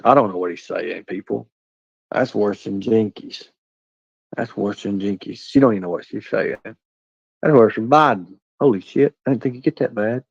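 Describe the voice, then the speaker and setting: A man's voice: mid-range voice, darkish tone, dry recording. A man hosting a casual livestream, reading the chat aloud and trading crude jokes with his viewers. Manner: rambling, crude joking banter with viewers. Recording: dull, dry, lo-fi sound.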